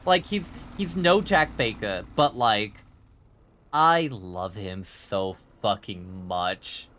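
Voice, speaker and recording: A man with a faded German accent giving excitable, profane live gameplay commentary as a streamer, quick to laugh. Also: lowish voice.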